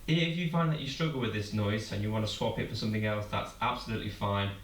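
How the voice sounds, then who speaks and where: A man coaching a vocal warm-up, patient and encouraging, guiding breathing exercises. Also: on the low side, expressive, quick pace, slight background noise. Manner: patient, encouraging instruction with demonstrations. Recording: roomy, from far off the mic.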